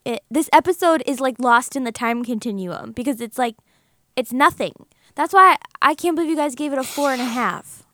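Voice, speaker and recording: High-pitched woman on a podcast, teasing and laughing, dry close sound. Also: normal speed, bright, forceful tone, no room sound. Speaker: podcast co-host. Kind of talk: casual chat.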